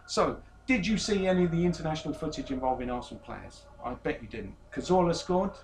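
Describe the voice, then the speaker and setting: A man's voice: on the high side, animated, fast, a little hiss or hum. A man hosting a casual football podcast, teasing his guest and reading out transfer news. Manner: jokey, teasing, reads out player news. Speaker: podcast host.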